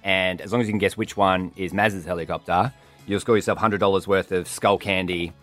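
A man hosts a breakfast radio show, bantering and reading clues for a quiz. His voice sits very low, and a faint music bed plays under him. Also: steady tone, a little fast, a bit bright. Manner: joking, playful, reads clues in a game.

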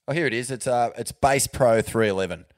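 An Australian man trading crude, joking banter as a podcast co-host. His voice sits at an ordinary male pitch. The sound is dry and close, with no room around it. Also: brisk, no echo. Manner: crude, joking, full of fillers and restarts. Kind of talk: casual banter.

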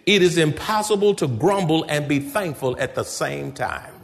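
A man's voice: a little high, expressive, moderate pace, vocal fry. A man preaching a sermon as pastor, speaking emphatically, firing rhetorical questions at his congregation and speaking to them directly. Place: church sanctuary. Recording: echoey church hall reverb.

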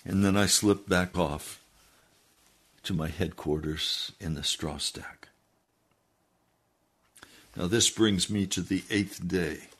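A pastor preaches a sermon, reading aloud from a book before pleading with his listeners, sinking low and quiet and then rising to loud, emphatic appeals. His voice is husky, slow, and broken by long pauses.

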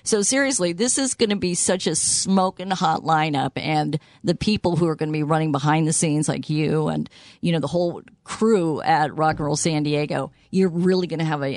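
A woman co-hosting a radio show, gushing and excited. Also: deep voice, moderate pace, no room sound. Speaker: radio co-host. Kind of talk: casual radio chat.

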